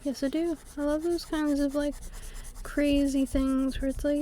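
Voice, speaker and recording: A woman's voice: high voice, level tone, a little slow, warm tone, slight background noise. A woman streaming her art on a desktop USB microphone at home. She chats in a playful, rambling way and hums to herself while she draws. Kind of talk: casual chat while drawing on stream.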